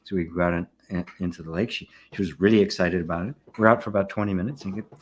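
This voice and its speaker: An older man, a spiritual teacher, giving a relaxed satsang talk, often checking in with "right?" and soft laughs. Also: sits low, very fast, noisy background. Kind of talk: satsang talk, answering questions.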